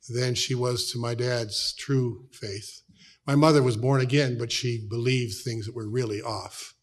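A middle-aged man with an American accent, preaching a sermon as a pastor, telling stories and dropping from loud to hushed tones. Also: mid-range voice. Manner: storytelling, shifts from loud to hushed.

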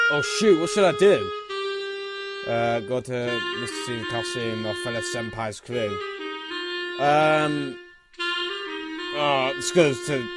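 A young man with a sore throat, giving profane, exasperated commentary while playing a game. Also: mid-range voice. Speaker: let's play gamer. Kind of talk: casual gameplay commentary. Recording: loud game music underneath. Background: looping clarinet game music.

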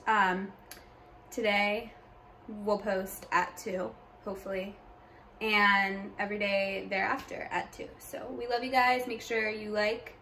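A woman's voice: medium pitch, sharp tone. A young woman in her twenties chatting casually to her viewers in a vlog, recorded on a phone. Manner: chatty, upbeat, filler-heavy. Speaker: vlogger. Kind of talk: casual vlog chat to camera. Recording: distant phone mic with faint noise.

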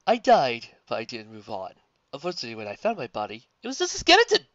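A woman voicing a polite, cheerful male skeleton gentleman in a fan audiobook reading, speaking with courteous formality. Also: rumbling low, huge pitch swings, fast talker, no echo, muffled recording, heavily acted.

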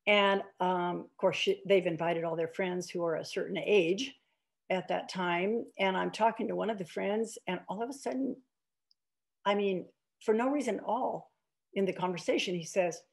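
Older woman with a gravelly, husky voice. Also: medium pitch, moderate pace. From Iowa, United States. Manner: chatty storyteller, many fillers and restarts. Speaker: author giving a talk. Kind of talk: anecdotal lecture over video call. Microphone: video call.

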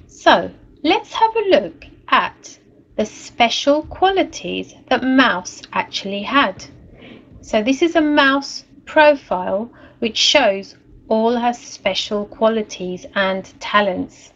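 A woman teacher reading a story aloud and leading a recorded lesson for young children in a gentle, expressive way. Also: on the high side, slow, dull audio. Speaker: primary school teacher.

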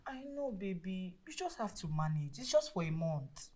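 An actress playing a busy, career-driven wife and mother who swings from weary to loud. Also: fairly low pitch, big pitch swings, normal speed. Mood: soothing. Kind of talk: film drama acting.

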